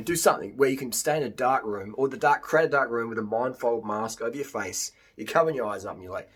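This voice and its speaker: Husky Australian man, animated rant. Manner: animated, mimics others in high put-on voices. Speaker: vlogger. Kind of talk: unscripted monologue to camera.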